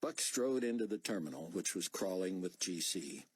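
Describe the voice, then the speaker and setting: A man narrating an audiobook thriller in a low, even storytelling manner. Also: normal speed, slight background noise.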